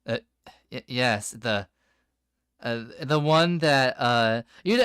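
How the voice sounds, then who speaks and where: Slow, halting game master man. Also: mid-range voice, a bit bright, clean tone, dry recording, clean studio sound. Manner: halting, many filler sounds. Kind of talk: narrating a tabletop game.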